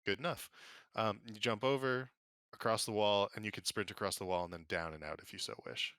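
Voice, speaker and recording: A man narrating as game master for a tabletop game, relaxed and casual, with many fillers. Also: lowish voice, no room sound. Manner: relaxed, filler-heavy narration with quick voiced bits for side characters.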